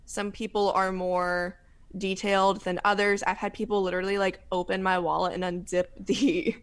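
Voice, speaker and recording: A young woman with a mid-range voice co-hosts a podcast, chatting casually at a normal speed. She tells stories in an animated way, filling her speech with lots of fillers.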